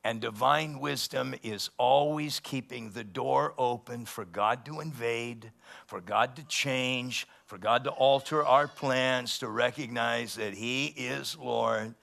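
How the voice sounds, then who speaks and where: A male pastor preaching a sermon, rising loud and emphatic when he quotes scripture. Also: mid-range voice, takes it slowly, vocal fry.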